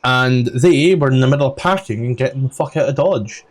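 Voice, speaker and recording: A man's voice: medium pitch, brisk. A man with a Scottish accent recapping a tabletop game as dungeon master, rambling with lots of ums and casual swearing.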